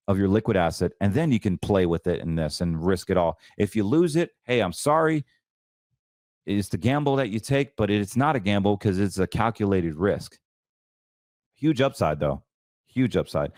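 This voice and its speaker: Chatty low-voiced man talking markets. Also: darkish tone, no room sound, studio quality. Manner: chatty, emphatic, stumbles and self-corrects. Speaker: financial show host. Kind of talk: casual market commentary.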